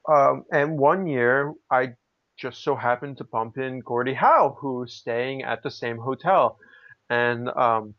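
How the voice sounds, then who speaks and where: A man's voice: medium pitch, slow. A man co-hosting a podcast, telling anecdotes in casual chat with many restarts. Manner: rambling, frequent restarts and fillers. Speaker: podcast co-host. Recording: slightly dull lo-fi audio.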